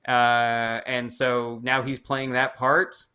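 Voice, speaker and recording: A man's voice: mid-range voice, flat delivery, takes it slowly, bright, forceful tone, smooth. A young man hosting a casual livestream, reading chat questions aloud and answering them in a blunt, profane, opinionated way.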